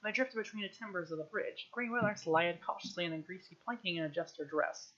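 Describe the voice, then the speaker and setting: A woman reading a novel aloud on a live stream, at a quick pace and with frequent throat-clearing. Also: lowish voice, a bit bright, muffled recording. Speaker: reader, streamer.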